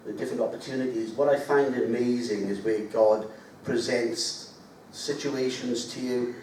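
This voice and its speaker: A man's voice: mid-range voice, steady tone, moderate pace, a little mellow, slight background noise. Rambling man telling stories. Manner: rambling, anecdotal, chatty. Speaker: guest, minister and musician. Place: hall at a live gathering. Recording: echoey hall, distant mic.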